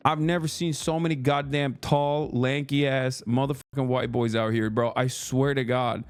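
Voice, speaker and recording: A man livestreaming in casual chat, telling stories in a profane, animated way with lots of fillers. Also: medium pitch, normal speed, few pauses, clear, resonant tone.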